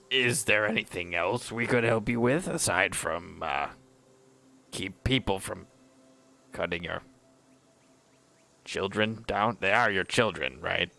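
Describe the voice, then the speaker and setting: A man playing a tabletop game, speaking hesitantly and politely with many pauses. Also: on the low side, creaky, bright, forceful tone. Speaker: player. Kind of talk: casual tabletop play.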